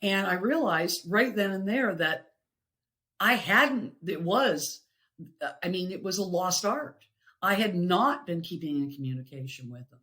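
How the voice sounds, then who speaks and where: A woman's voice: lowish voice, expressive, a bit bright. Earnest middle-aged woman telling stories. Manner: earnest, reflective, pauses and restarts. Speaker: podcast guest. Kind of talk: sharing personal stories.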